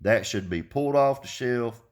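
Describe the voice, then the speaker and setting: This is a man in his fifties with a plain, mid-pitched voice, venting straight to the camera. He talks bluntly, swears without pause and circles back over his points. His delivery is that of an unscripted video rant. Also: lively intonation. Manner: blunt, profane, repeats himself when heated. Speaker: car audio vlogger.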